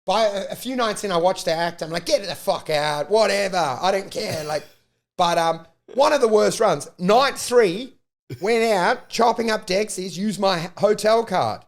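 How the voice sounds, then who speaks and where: High, gravelly Australian man ranting. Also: moderate pace. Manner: profane, animated, rant-like storytelling. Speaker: comedian podcast host. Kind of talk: casual comedic storytelling.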